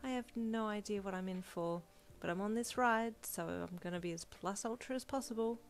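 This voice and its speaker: Story reading: gentle, sheepish young pregnant woman, soft-spoken, read by a woman narrator. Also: mid-range voice, moderate pace, pitched above the performer's own voice, close to an everyday voice.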